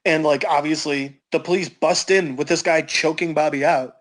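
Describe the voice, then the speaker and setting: A man's voice: fairly high pitch, steady tone, moderate pace. A man telling a comedic story on a podcast, acting out voices and laughing as he goes. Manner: acts out quoted voices, laughs mid-story.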